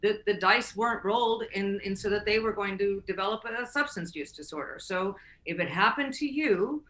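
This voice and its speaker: A woman's voice: medium pitch, bright, forceful tone, echoey room. A woman hosting a recovery talk, giving earnest casual advice with frequent restarts and easy laughter. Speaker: recovery podcast host.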